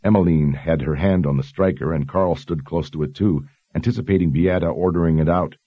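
A man narrating a fantasy novel in a measured, even storytelling manner. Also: a bass voice, breathy edge, no room sound, lo-fi sound. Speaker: audiobook narrator.

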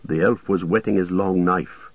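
Man, audiobook narrator, steady, measured, dry, tinny radio-like sound. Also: deep voice, no echo.

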